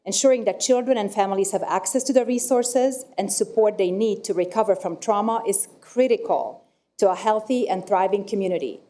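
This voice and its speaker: Nonprofit rep, woman, warm mellow tone, formal prepared remarks with small stumbles. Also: mid-range voice. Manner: formal, slightly halting reading. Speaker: nonprofit representative. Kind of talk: prepared public comment at council meeting.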